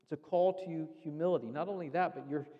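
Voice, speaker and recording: A man's voice: a little high, quick pace, highs cut off. Man preaching in a reverberant hall. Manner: earnest teaching, explaining scripture step by step. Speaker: pastor. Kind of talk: sermon. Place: church sanctuary.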